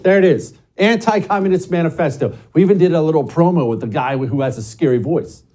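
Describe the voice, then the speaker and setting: Middle-aged male host, dark mellow voice, punchy emphatic commentary. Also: a little fast. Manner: emphatic, swings between shouting bursts and low asides. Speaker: show host. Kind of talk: opinionated commentary monologue.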